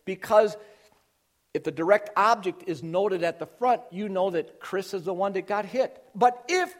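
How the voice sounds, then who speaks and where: A man preaching an expository sermon to his congregation, teaching with emphatic stresses that drop to quiet intensity. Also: high-pitched, expressive, normal speed.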